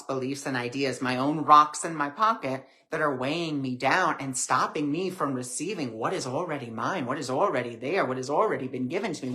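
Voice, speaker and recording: A man hosting a live stream, giving a reflective spiritual talk with gentle, repetitive phrasing and many fillers. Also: medium pitch. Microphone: webcam or phone on a live stream.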